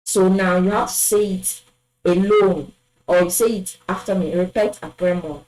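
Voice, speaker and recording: A woman teaching a French numbers lesson, saying each word twice and pausing with fillers. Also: lowish voice, fairly even intonation, a little mellow, reverberant, poor audio. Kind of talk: language lesson, drilling numbers.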